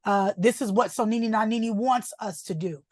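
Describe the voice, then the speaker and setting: A woman's voice: mid-range voice, brisk, darkish tone, no room sound, studio quality. A woman giving emotional, fervent testimony in a faith group question-and-answer session. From United States. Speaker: group member.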